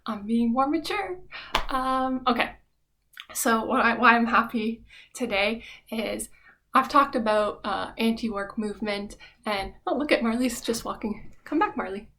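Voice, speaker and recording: Young woman rambling candidly on her vlog, kinda gravelly fry, lots of ums. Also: on the high side, unhurried, pushed and bright. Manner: rambling, candid, many fillers. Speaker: vlogger. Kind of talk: casual reflective monologue.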